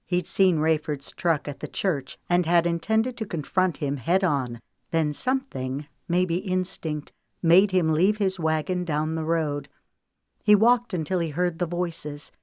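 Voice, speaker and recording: A woman author narrating her own historical novel in a measured, dramatic reading. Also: lowish voice, darkish tone, dry recording, studio quality. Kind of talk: audiobook narration.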